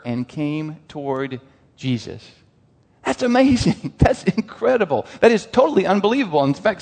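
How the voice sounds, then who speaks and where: A man preaching a sermon in an animated way, asking the congregation questions. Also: a little high, long reverb tail. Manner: animated, asks the crowd questions, lively quoted voices.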